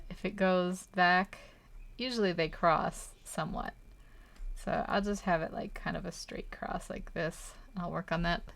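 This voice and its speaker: A woman's voice: fairly low pitch, gravelly. A woman chatting casually while she draws, thinking aloud and hesitant, with frequent little laughs. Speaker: artist streaming a drawing session. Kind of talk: casual chat while drawing.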